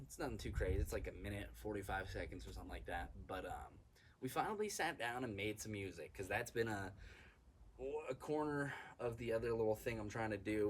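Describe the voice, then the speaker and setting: A man hosting a casual podcast, rambling excitedly and swearing often, recorded outdoors in the sun. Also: lowish voice, a little hiss or hum. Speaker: podcast host. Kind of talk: casual chat.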